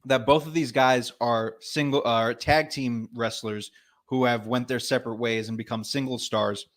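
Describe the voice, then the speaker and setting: A man's voice: mid-range voice, steady tone, normal speed. A young man co-hosting a wrestling review podcast, laid-back and easygoing in casual chat. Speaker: podcast co-host.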